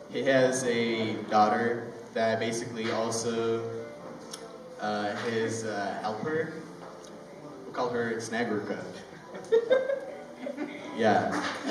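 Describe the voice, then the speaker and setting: A man's voice: lowish voice, steady tone, music in the background. A young man from Ukraine with a Ukrainian accent, a native Russian speaker doing stand-up at an open mic in a rambling storytelling way. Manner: rambling, conversational storytelling with halting restarts. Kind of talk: stand-up comedy. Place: comedy club open mic. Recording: echoey room, mic far off, ambient noise.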